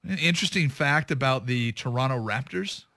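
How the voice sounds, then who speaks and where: A man's voice: medium pitch, expressive, sharp tone, no echo, clean studio sound. A man hosting a sports talk radio show, chatting loosely and teasing his co-host between sports topics. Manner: joking, loose, quick to laugh at himself. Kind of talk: casual sports radio banter. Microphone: studio microphone.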